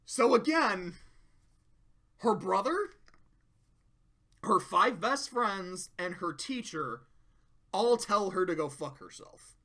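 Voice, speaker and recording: Young adult commentator, profane and excitable; slow delivery, bright tone. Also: mid-range voice. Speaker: video reviewer. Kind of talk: casual spoken commentary.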